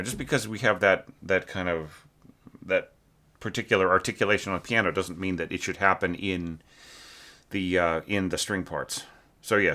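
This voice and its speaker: A man teaching orchestration, giving a casual critique of a score. He talks haltingly with many fillers and sings phrases to demonstrate. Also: low voice, bright, forceful tone.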